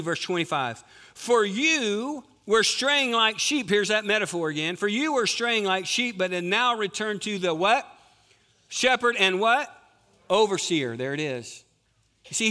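A man's voice: sits high, bright, forceful tone. A middle-aged man preaching a sermon as lead pastor, conversational and full of rhetorical questions to the congregation.

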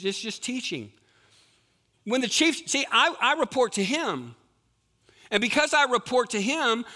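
A man's voice: very high-pitched, pushed and bright. A middle-aged man preaching a sermon as lead pastor, conversational and full of rhetorical questions to the congregation.

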